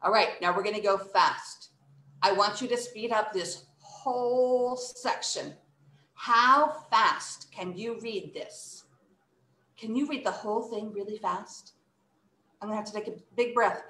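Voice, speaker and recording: A woman teaching poetry recitation in a playful way, demonstrating emphasis with exaggerated, deliberate delivery. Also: mid-range voice, bright, forceful tone. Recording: roomy echo.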